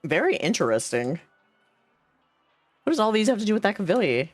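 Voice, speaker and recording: A woman's voice: mid-range voice, very animated, brisk, no room sound, soft background music. A woman streaming a game, chatty and giggly, reading the dialogue aloud as she plays, with hiccups. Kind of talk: casual game stream commentary.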